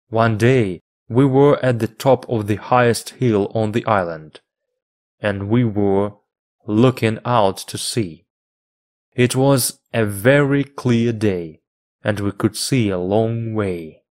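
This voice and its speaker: Slow, low-voiced male story reader. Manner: measured, even phrasing for learners. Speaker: English teacher reading a book aloud. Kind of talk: slow, deliberate storybook reading.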